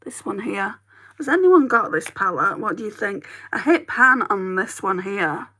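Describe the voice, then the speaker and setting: Northern English beauty vlogger, chatty and rambling, crisp tone with a gravelly edge. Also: female voice, mid-range voice, lively intonation, moderate pace, pushed and bright. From northern England. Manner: chatty, rambling, talks to viewers. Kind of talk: casual chat while doing makeup.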